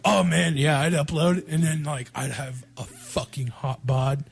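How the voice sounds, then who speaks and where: A man's voice: on the high side, level tone, unhurried, vocal fry, breathy edge, pitched below the performer's own voice, full character voice. A man playing a crude, bragging party bro. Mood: boastful. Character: boastful young male party bro.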